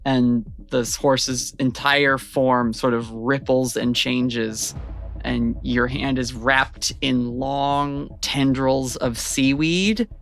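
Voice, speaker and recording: A man running a tabletop game who describes each scene at length, with plenty of fillers along the way. His voice has a gravelly, creaky texture at a middling pitch. Faint music plays underneath. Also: steady tone, slow, fairly bright tone. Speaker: game master.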